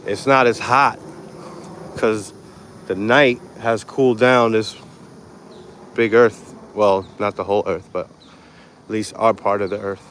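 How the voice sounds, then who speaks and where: Low-voiced man live-streaming on a walk. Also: fairly even intonation, measured pace, pauses often, a bit bright, slight background noise. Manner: laid-back, chatty, talks to viewers and animals. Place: outdoor park path.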